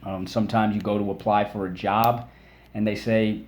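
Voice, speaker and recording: A man teaching a phonics lesson for children, patient and encouraging, saying words aloud and pausing for the class to repeat them. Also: fairly low pitch, level tone, a little hiss or hum. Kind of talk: phonics lesson with call-and-response drills.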